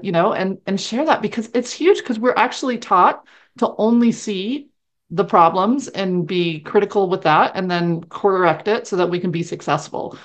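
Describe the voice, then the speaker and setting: A woman's voice: medium pitch, moderate pace. A woman hosting a casual podcast conversation, affirming her guest and reflecting on coaching practice.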